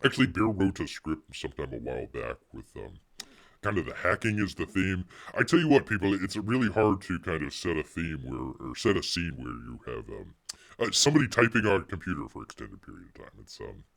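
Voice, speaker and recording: A man's voice: deep voice, sing-song, a little fast, vocal fry, fairly bright tone. A middle-aged man hosting a casual livestream, sarcastic and rambling, full of fillers and restarts, calling himself by name in the third person. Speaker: livestream host.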